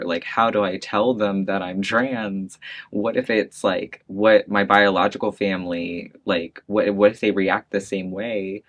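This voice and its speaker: A man's voice: on the low side, a bit bright. A man in his thirties telling a personal story in an oral history interview, with many fillers and restarts and frequent laughter. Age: 30s.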